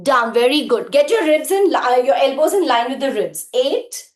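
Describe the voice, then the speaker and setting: A woman's voice: high voice, expressive, normal speed. A woman leading a live group workout, counting reps and giving short cues and praise. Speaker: fitness instructor. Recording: echoey room.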